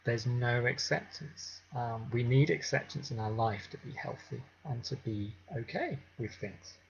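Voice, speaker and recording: A man teaching mindfulness in an unhurried, conversational way, with many filler ums. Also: medium pitch, creaky, muffled recording, a little hiss or hum. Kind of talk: informal teaching talk.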